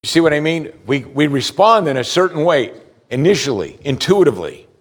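A man's voice: fairly high pitch, sing-song, fairly quick. A man preaching a sermon, talking in a conversational way, asking the listeners direct questions and often repeating a word as he starts a thought. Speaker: pastor.

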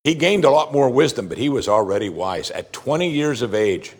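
A middle-aged man preaching a sermon as pastor, earnest, and he slows down to stress key words. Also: mid-range voice, expressive.

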